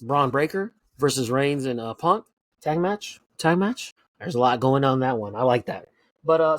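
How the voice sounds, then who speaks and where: A man hosting his own podcast, chatting casually with a lot of swearing and quick restarts. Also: medium pitch, dry recording. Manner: profane, animated, repeats himself. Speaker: podcast host. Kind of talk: casual chat.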